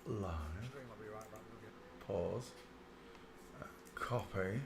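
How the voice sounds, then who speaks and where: A man's voice: lowish voice, extremely slow, creaky, noisy background. A man from England with a Northern English accent, hosting a casual livestream and chatting, humming and muttering to himself while he works. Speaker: livestream host.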